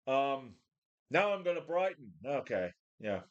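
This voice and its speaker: A man's voice: medium pitch, lively intonation, unhurried. Blunt, weary man in his forties. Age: 40s. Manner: blunt, profane, weary, full of sighs and restarts. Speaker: vlogger. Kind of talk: casual rambling talk to a webcam. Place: home gym. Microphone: webcam.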